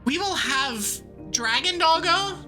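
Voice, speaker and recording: A woman's voice: very high-pitched, animated, slow pace, bright, forceful tone, faint music behind. A woman streamer giving casual, playful commentary while playing a game. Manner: chatty, playful, laughs easily.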